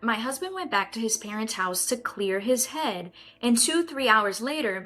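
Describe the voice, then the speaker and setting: A woman's voice: mid-range voice, a bit bright. Woman reading stories with indignant asides. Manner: indignant, joking asides to viewers. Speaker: storytime host. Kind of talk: casual storytime, reading posts aloud and reacting.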